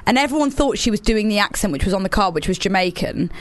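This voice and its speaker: A woman's voice: mid-range voice, expressive, fast talker. Chatty woman radio host. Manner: chatty, teasing, laughs often. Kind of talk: casual on-air banter.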